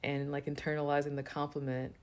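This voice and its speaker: A woman's voice: sits low, flat delivery, a little fast. A woman telling a personal story to camera in a loose, chatty way, full of fillers. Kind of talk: casual storytime monologue.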